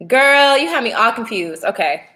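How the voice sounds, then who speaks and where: A woman's voice: on the low side, moderate pace. A young woman hosting a casual live stream as a tarot reader, chatting, greeting viewers by name and laughing often.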